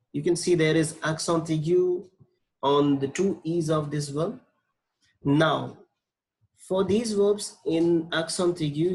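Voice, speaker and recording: Slow, patient man teaching French grammar. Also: on the high side, a little mellow, poor audio. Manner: slow, patient, spells out letters and repeats forms. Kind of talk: slide-based grammar lesson.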